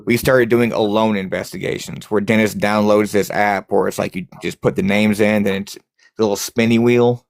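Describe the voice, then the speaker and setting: Male paranormal investigator, low voice, dry sound, lively storyteller. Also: moderate pace, creaky, no room sound. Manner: animated storyteller, acts out scared reactions. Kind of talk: casual chat.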